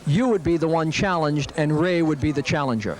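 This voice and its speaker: Pointed sports interviewer, slightly high voice. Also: male voice, brisk. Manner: formal, pointed questions. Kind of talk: press conference questioning.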